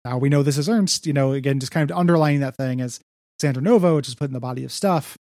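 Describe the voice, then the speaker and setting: Fast-talking and medium-pitched with a darkish tone, a young podcast co-host rambles his way through a casual comics recap packed with fillers. The recording is dry and clean, with studio sound.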